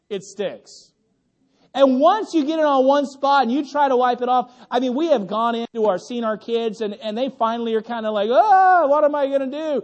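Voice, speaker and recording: A young adult male pastor preaching a sermon, swinging from loud exclamations to hushed, tender passages. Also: high-pitched.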